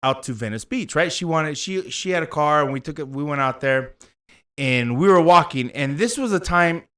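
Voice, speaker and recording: Animated man telling a street story. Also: on the high side, normal speed, clean tone. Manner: animated storyteller acting out quotes, swears freely. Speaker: co-host. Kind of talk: casual storytelling chat.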